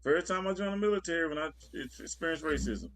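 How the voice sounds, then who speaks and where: Higher-pitched man, casual co-host. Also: fast talker, a bit bright, a little hiss or hum. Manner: earnest, repetitive, laughs easily. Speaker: talk show co-host. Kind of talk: casual chat.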